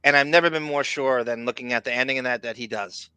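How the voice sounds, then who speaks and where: A podcast co-host with a raspy mid-range voice talks quickly and smoothly in a casual, rambling chat. He's excitable and keeps cutting himself off mid-thought. The recording is dry.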